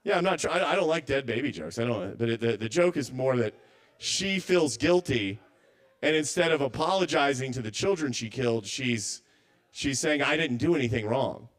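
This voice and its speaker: A man's voice: medium pitch, lively intonation, moderate pace. A man doing a stand-up set at a live open mic, rambling and self-doubting, stammering through restarts.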